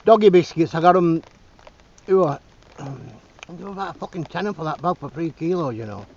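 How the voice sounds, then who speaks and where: A man rambles bluntly and swears freely as he drives, turning now and then to talk to his dogs. His voice sits fairly high and swings all over the place. The audio is slightly muffled, with faint road noise underneath. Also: animated, fairly quick, a little mellow. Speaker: vlogger. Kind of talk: casual chat while driving. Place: inside a car on the road.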